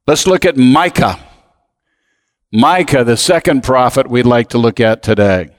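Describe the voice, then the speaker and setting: A man preaching a sermon as pastor, slow and emphatic, asking the congregation to repeat phrases with him. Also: medium pitch, long reverb tail.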